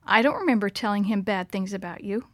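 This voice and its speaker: A woman's voice: mid-range voice, fast talker, fairly bright tone, no echo, close to an everyday voice. Woman playing a casual, defensive big-brother boy; dry close sound.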